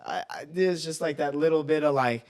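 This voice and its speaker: A man's voice: on the high side, fairly quick. A young man co-hosting a podcast, telling stories in a loose, profane, rambling way. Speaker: podcast co-host. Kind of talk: casual chat.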